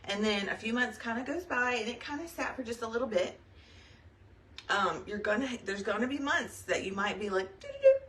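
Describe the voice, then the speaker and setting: A young woman chats loosely to her team over a live video, drifting between thoughts and filling gaps with "um" and "y'all." She is pregnant and talks in a bright, forward voice. The mic sits a little away from her, so the sound is somewhat distant. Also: fairly high pitch, normal speed. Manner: chatty and rambling, says y'all, frequent fillers. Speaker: direct sales team leader.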